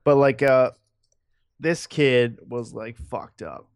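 A man's voice: medium pitch, slow, clear, resonant tone, no echo, studio quality. A man co-hosting a casual podcast, laid-back and joking, with crude quips. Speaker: podcast co-host. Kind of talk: casual chat.

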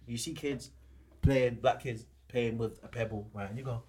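A man's voice: medium pitch, fairly even intonation, normal speed, dark tone. A young man, making his point through acted-out examples in a casual group debate.

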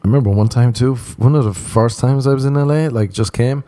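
A man's voice: mid-range voice, fast talker, dark tone. A man telling rambling, crude, self-mocking stories as a podcast host, often laughing as he goes. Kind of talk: comedic storytelling monologue.

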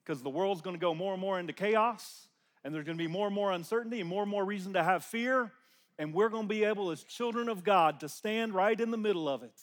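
A man with a high voice preaches to his congregation, swinging from loud, emphatic declarations down to hushed, near-whispered lines. He repeats his key phrases and has the crowd call them back to him. His voice trails off in the long reverb of a church hall. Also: quick pace. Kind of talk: sermon.

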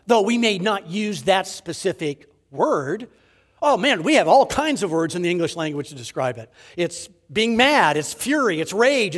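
A man preaching a sermon, swinging between loud emphasis and hushed, near-whispered phrases, with rhetorical questions and repeated words. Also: sits high, in a large hall. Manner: animated preaching, rising to emphasis then dropping to near-whispers. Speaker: pastor.

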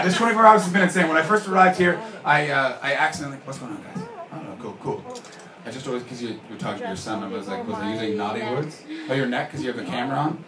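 A man doing stand-up comedy, bantering with the crowd in a loud, sweary way. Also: mid-range voice. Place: live comedy venue with audience. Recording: roomy, distant mic with background noise.

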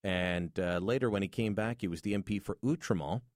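A man's voice: low voice, brisk, no echo, studio quality. A man hosting a radio talk show, chatty, with asides between segments. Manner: chatty, asides and station plugs. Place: radio studio.

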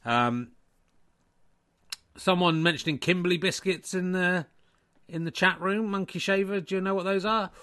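Deadpan man hosting a comic snooker stream. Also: high-pitched. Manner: deadpan, rambling, quick asides. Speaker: comedy host and snooker commentator. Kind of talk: comic live-stream commentary.

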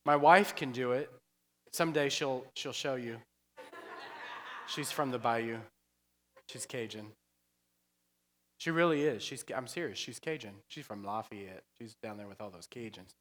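A man's voice: mid-range voice, unhurried, pauses often, long reverb tail, a crowd in the background. A man preaching a casual, joking sermon in a church, breaking into chatty asides and laughing often. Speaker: pastor. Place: church sanctuary.

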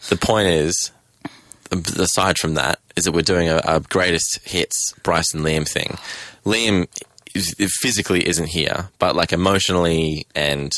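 A man's voice: deep voice, steady tone, a little slow, fairly bright tone, dry recording. A man hosting a radio show, teasing his co-host and laughing often. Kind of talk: casual radio chat.

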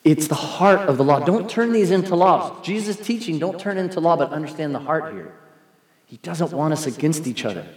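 A man preaching a sermon as a pastor, animated and acting out the voices he quotes. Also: a little high, a little fast. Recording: echoey hall, long reverb.

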